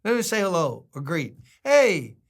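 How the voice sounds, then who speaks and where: A man's voice: a little high, a little slow, vocal fry, fairly bright tone. An older man preaching a sermon as a pastor, conversational and humorous, acting out quotes.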